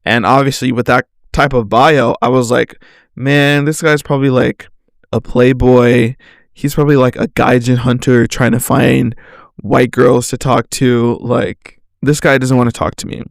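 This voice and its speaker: Gravelly young man telling a rambling story. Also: mid-range voice, little pitch movement, unhurried, no room sound, clean studio sound. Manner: rambling, swearing, laughing, lots of "like". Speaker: podcast host. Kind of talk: casual storytelling monologue.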